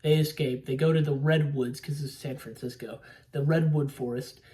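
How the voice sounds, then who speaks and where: A man's voice: a little high, fairly even intonation, normal speed, dark tone. A young man casually recapping a movie plot, rambling with lots of fillers and the odd swear word. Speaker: movie podcaster. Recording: voice a bit distant from mic.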